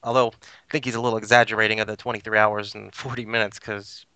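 A man co-hosting a casual podcast, easygoing with soft laughs. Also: fairly low pitch, flat delivery, quick pace, smooth, no echo. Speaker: podcast co-host. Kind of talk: casual chat.

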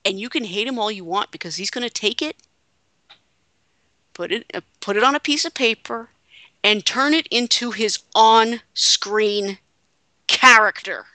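A woman's voice: medium pitch, a little slow, long pauses, sharp tone, dry recording. A woman hosting a casual podcast chat, reading quotes aloud with joking asides. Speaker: podcast host.

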